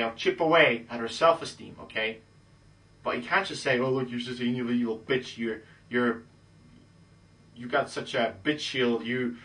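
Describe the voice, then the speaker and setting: A man coaching listeners on dating in a confident, matter-of-fact monologue, ending almost every point with a low "okay?". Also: sharp tone, far from the mic. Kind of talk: instructional monologue.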